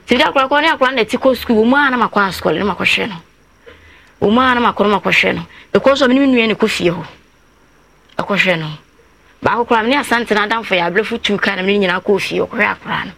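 A woman's voice: medium pitch, fast, a bit bright. Woman recounting a family story. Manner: long, winding telling that acts out others' words in quotes. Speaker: guest telling her story. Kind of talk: personal account on a talk show.

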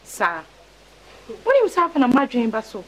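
A woman's voice: a little high, wildly swooping pitch, normal speed, fairly bright tone, heavily acted. An actress playing a suspicious woman questioning her family in a film scene. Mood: probing.

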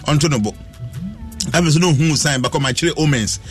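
A man's voice: a little high, fairly quick, faint music behind. A man with a Ghanaian accent telling stories on a radio talk show, mixing Twi and English animatedly. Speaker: astrologer guest.

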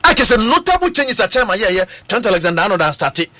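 A Ghanaian man hosting a sports radio show, excitable and chatty, calling out to his co-host and mixing English with Twi. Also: sits high, fast, no room sound. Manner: excitable, shouts out names, mixes English and Twi. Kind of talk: lively sports radio chat.

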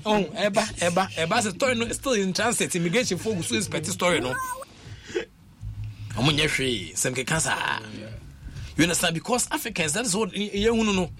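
A man speaks on a radio talk show, with a high voice that swoops widely as he pushes his points. He talks fast and keeps coming back to the same lead-in phrases. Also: sing-song, fairly bright tone. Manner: emphatic, repeats "what I say". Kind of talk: animated radio discussion.

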